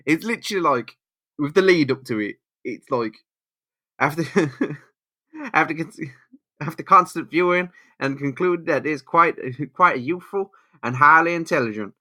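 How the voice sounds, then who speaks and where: A man's voice: a little high, a little slow, sharp tone, no echo, studio quality. A man co-hosting a podcast, throwing in crude, laughing asides. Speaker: podcast co-host. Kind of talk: comic banter.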